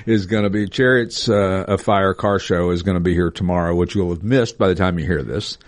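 A man with a fairly low voice hosts a relaxed talk show about classic cars. He rambles, jokes at his own wording and corrects himself as he goes. His tone stays easygoing and conversational. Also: brisk. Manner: joking, rambling, self-correcting. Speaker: podcast host, classic car dealer. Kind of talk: casual chat.

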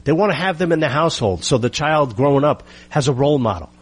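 A middle-aged man holds forth in an indignant monologue, hammering his points with rhetorical questions and repetition. His voice is husky and sits a little high for a man. His pitch swings widely as he presses each point. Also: animated, fast talker. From United States. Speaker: political commentator. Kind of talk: opinionated monologue.

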